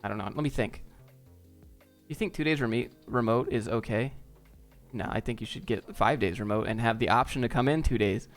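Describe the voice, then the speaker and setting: A man from the American South answering viewer questions casually on a live stream with quick, offhand replies. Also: mid-range voice, faint music behind.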